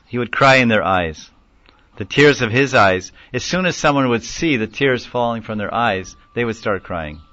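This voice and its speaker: Low-voiced man giving a devotional lecture. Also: a bit bright, no room sound. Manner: conversational, acts out quoted voices, chuckles. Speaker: lecturer on scripture. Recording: dull lo-fi dry recording.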